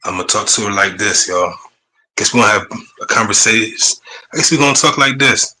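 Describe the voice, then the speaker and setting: A man's voice: on the low side, a little fast, sharp tone, a little hiss or hum, rough recording. A man hosting a live-streamed show, talking loosely in casual slang, flustered and apologetic as he stumbles over his words. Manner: apologetic and flustered by tech trouble. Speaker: podcast host. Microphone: streaming setup mic.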